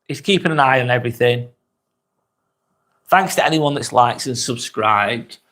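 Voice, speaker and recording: A man hosting a casual live vlog, reading viewer comments in a relaxed, chatty way and asking lots of questions. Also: mid-range voice, normal speed. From England.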